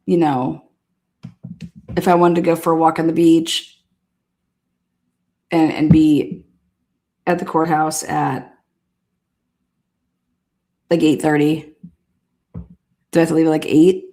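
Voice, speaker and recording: A woman's voice: low-pitched, level tone, takes it slowly, pauses often, dark tone. A woman hosting a live stream, chatting casually with viewers in a sassy, blunt way and swearing now and then. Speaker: livestream host.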